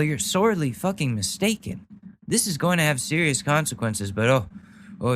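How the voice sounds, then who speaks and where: A man's voice: mid-range voice, fairly bright tone, a little hiss or hum. A man hosting a news podcast, ranting angrily and bluntly with lots of swearing. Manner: angry, profane, blunt. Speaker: podcast host. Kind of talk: angry political rant.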